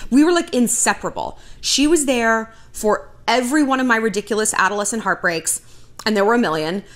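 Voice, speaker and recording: A woman's voice: fairly high pitch, brisk, fairly bright tone. A woman in her thirties hosting a vlog, telling a personal story to the camera in a blunt, profane way with dry sarcasm. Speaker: vlog host.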